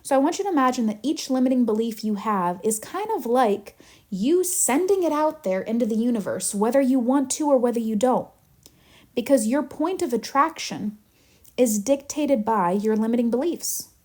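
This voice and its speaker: A woman manifestation coach teaching in a live Q&A, animated and chatty as she tells stories. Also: fairly high pitch, moderate pace.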